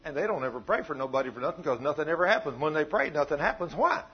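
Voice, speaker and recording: A man preaching a sermon, telling stories in a folksy, animated way. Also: a little high, racing, slightly rough. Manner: folksy, animated storytelling with acted quotes. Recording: dull lo-fi sound.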